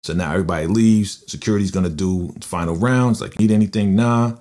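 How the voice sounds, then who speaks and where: A man's voice: low-pitched, fairly quick, warm tone. A man hosting a casual recap of a TV episode, retelling scenes and acting out the characters' lines in slang. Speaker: recap channel host. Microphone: studio podcast microphone.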